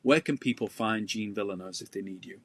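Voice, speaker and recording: A man's voice: fairly low pitch, a little fast, husky, no echo. A British man co-hosting a marketing podcast, chatting casually in a rambling, friendly way full of fillers. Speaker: podcast co-host.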